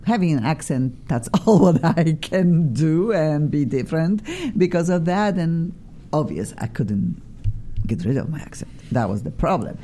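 A woman's voice: expressive, measured pace, warm tone. Exuberant Polish-accented woman radio host. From Poland. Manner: exuberant and theatrical, swooping pitch. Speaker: radio talk show host. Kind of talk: effusive radio talk show chat. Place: radio studio.

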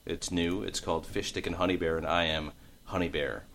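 A man's voice: low-pitched, fairly even intonation, brisk, vocal fry, fairly bright tone, a little hiss or hum. A male comedian and voice actor chatting as a guest, rambling with many hesitations. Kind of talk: casual podcast chat.

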